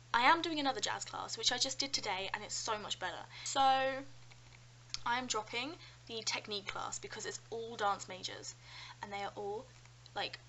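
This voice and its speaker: Chatting in her vlog, a 19-year-old Londoner with a British accent spins lively stories, peppering them with "like" and "um" in a higher-pitched voice. The recording is low-quality, with a bit of background noise.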